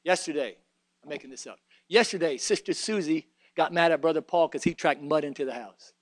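A man's voice: on the high side, fairly quick, dry recording, studio quality. A man preaching a sermon in a folksy way, mixing joking asides with fervent, emphatic exhortation.

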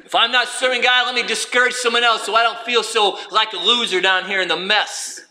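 Male preacher, high bright tenor, lively sermon delivery, echoey room. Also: brisk. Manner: animated preaching with rhetorical questions and acted-out quotes.

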